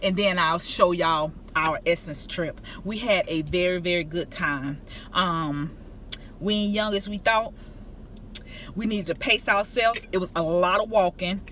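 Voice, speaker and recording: A middle-aged woman tells a travel story to her viewers in a casual, emphatic, animated way. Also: fairly low pitch, measured pace, a little hiss or hum. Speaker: vlogger.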